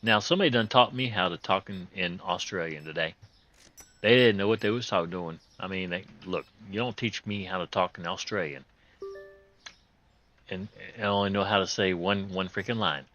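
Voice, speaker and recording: A low-pitched man chats through a game session with a hoarse voice that is still on the mend. His tone is sharp and forceful. He rambles, cracks jokes and chuckles as he goes, in folksy, loose grammar. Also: normal speed, lo-fi sound. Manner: joking, rambling, chuckles often. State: hoarse, recovering voice. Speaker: host playing a video game. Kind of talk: casual gameplay commentary.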